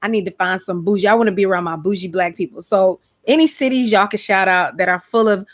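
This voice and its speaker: A woman's voice: mid-range voice, fast, few pauses. Chatty woman with a Georgia accent. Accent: Georgia, US South. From Atlanta, USA. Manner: chatty, lively, slangy, exclamatory. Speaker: host. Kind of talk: casual live-stream chat.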